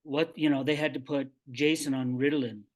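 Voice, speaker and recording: A man's voice: mid-range voice, steady tone, fairly quick. A middle-aged man in a casual group talk, speaking reflectively and rambling a little with restarts. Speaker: podcast co-host.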